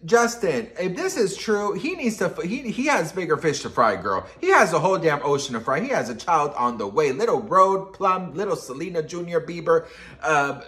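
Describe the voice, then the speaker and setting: A young man chatting as a pop culture gossip vlogger, sassy and animated, swearing freely and calling his viewers girl. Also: a little high, moderate pace.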